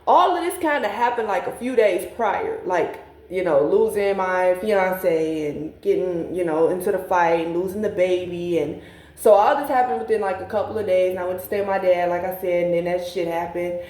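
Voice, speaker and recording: A woman's voice: on the low side, normal speed, darkish tone. A young woman telling a personal story to her viewers, candid and profane, speaking straight to them as y'all. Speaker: vlogger. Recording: echoey room.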